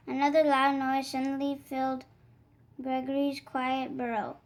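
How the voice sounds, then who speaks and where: High-voiced woman reading a storybook. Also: level tone, a little slow, rough recording. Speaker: storybook reader. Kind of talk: children's read-aloud narration.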